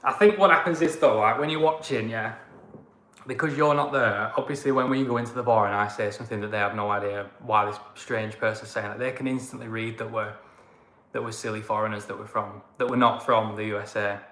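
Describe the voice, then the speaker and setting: A man's voice: on the low side, steady tone, a little fast, a bit bright. Chatty Northern English man in an echoey room. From Northern England. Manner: chatty, rambling banter. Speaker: travel vlogger, co-host. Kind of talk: casual livestream chat. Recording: echoey room with faint ambient noise.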